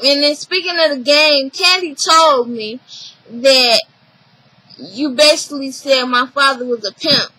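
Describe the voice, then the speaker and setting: A young woman talks through a reality show episode in a casual vlog, high in pitch and unhurried. She acts out what others said with animated emphasis, and her voice is bright and close to the mic in a dry room. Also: dry recording, rough recording. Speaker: reality TV recapper.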